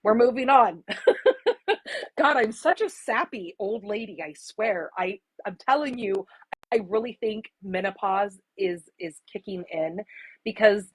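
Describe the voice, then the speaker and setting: Woman, 40s, from Arizona. Casual craft livestream host, chatty and easily moved. Mid pitch, dry close mic. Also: expressive, unhurried, slightly rough, dry recording, rough recording. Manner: chatty, emotional, greets viewers by name. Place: home craft room.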